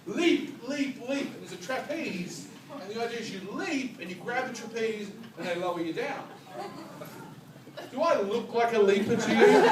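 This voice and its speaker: A man performing a stand-up comedy set, telling stories with animated delivery and yelled punchlines. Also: very high-pitched, background noise. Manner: animated storytelling, yelling punchlines. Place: live comedy venue with audience. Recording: roomy live club recording from far off.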